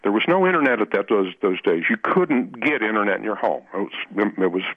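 A man's voice: on the low side, expressive, brisk, husky. A man telling a long story as a guest in an interview, often repeating words and restarting his sentences. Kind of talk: storytelling in conversation. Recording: muffled dry radio recording.

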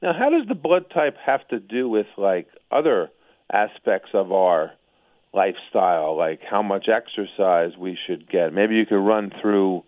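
Low-voiced man host on a phone-like line. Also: animated, a little slow, no echo. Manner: musing, loosely phrased questions. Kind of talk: casual interview questions.

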